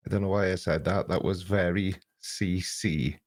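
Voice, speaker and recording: A low male voice with fairly even intonation moves at a moderate pace with few pauses, captured on a desk recording mic without room sound. He's running an early morning livestream, greeting viewers by name and riffing casually on what they write in the comments.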